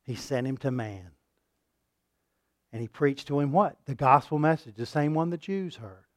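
A man preaching a sermon, rising to loud emphatic peaks and dropping to quiet asides, asking his listeners questions and repeating words for emphasis. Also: medium pitch, lively intonation, normal speed, dry recording, studio quality.

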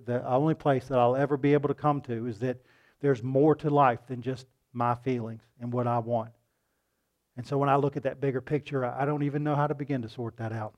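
A man preaching a sermon with passion, asking the room rhetorical questions and swinging between loud and hushed delivery. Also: on the high side.

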